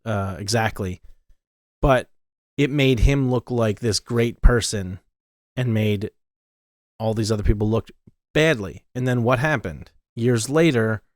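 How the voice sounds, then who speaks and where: A man co-host on a casual podcast talks at a middle pitch. He is measured, pausing to search for words with frequent fillers. The recording is dry and close. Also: no echo.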